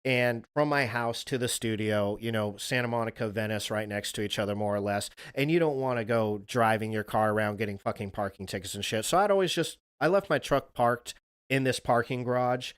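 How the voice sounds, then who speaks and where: A man's voice: medium pitch, fairly quick, clean tone, dry recording. Male stream host, mid-range voice, dry close sound, loose profane storyteller. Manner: rambling, swears freely, laughs at his own stories. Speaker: livestream host. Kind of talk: casual storytelling to a livestream audience.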